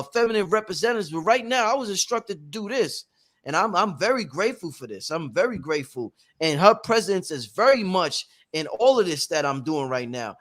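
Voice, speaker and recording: Man, very high voice, emphatic, preachy, profane, workshop host. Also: a bit bright. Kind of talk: motivational workshop talk.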